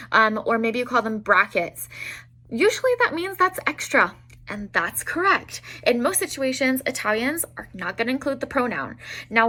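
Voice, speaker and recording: A young woman with a bright, fairly high voice gives an online language lesson for beginners. She spells out each example slowly and carefully, with frequent fillers between them. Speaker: Italian teacher.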